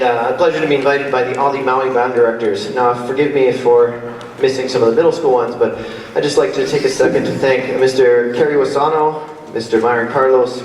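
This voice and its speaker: A man's voice: mid-range voice, a little hiss or hum. A slightly winded man addresses a concert crowd as the conductor, chatty and full of small restarts. His voice is picked up from a distance in a big, echoey school gym with a long reverb tail. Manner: friendly, rambling, with fillers and restarts. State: a little out of breath. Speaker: band conductor. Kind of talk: spoken concert introduction. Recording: echoey gym heard from far off.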